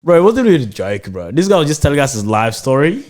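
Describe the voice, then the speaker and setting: A man with a mid-pitched voice who tells an anecdote in punchy, joking bursts. His podcast chat is casual and peppered with "bro". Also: very animated, fast talker, darkish tone. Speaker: podcast co-host.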